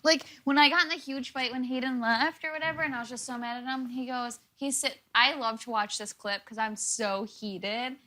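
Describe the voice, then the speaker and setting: A woman telling stories in a casual interview, quick and animated, with plenty of fillers. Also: high voice. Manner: rapid, filler-heavy, animated. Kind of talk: casual storytelling.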